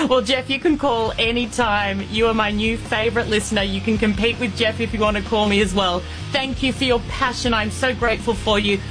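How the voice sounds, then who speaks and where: A woman hosts talk radio with a bright, fairly high voice, speaking into a studio microphone. She is effusive and emotional with her callers, and faint music sits behind her. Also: steady tone, brisk, few pauses. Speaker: radio talk show fill-in host.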